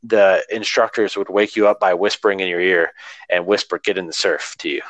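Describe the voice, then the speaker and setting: Man, earnest rambling talker, lowish voice, dry close sound. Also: steady tone, brisk, a bit bright, no echo. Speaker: runner talking about training. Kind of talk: casual podcast conversation.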